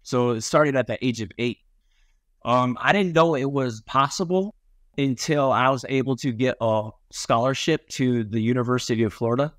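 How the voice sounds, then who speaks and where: A man from upstate New York, a podcast guest, telling stories in a relaxed way with lots of ums and likes. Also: medium pitch, normal speed, dry recording, clean studio sound. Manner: laid-back, many ums and likes. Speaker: podcast guest, former Olympic swimmer. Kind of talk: casual storytelling chat.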